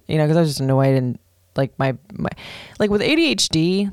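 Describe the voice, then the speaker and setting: A woman in her thirties telling a personal story to camera in an animated, casual way, full of "like" and swearing freely. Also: deep voice, a little fast, smooth, no echo, clean studio sound. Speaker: vlogger. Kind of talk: storytime monologue.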